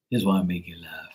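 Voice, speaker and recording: A man hosting a casual live stream, cursing freely and joking with viewers, then softly soothing his dog. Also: deep voice, husky, poor audio. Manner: loose, profane, teasing banter with viewers. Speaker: live stream host reading chat.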